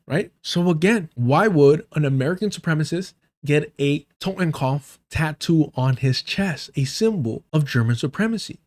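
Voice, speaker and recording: A man's voice: on the high side, lively intonation, normal speed. A man commenting on a live stream in a heated, sarcastic and profane way. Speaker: streamer reacting to a debate.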